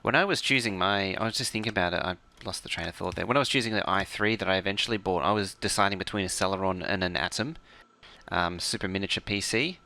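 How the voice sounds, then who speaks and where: A man's voice: low-pitched, quick pace, bright, forceful tone. A man casually commentating while he plays, muttering to himself and now and then making playful mouth sound effects. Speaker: game streamer. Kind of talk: casual live-stream commentary.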